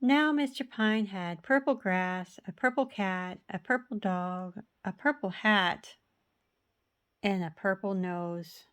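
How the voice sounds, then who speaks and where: A woman's voice: medium pitch, slow, a bit bright, smooth. A woman reading a children's picture book aloud, rhythmic and playful with sound words. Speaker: storybook reader.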